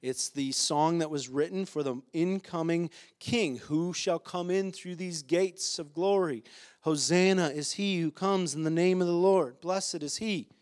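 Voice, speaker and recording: A man's voice: fairly high pitch, a little slow, a little mellow. A man preaching a sermon as pastor, impassioned and emphatic, with frequent hesitant fillers between points.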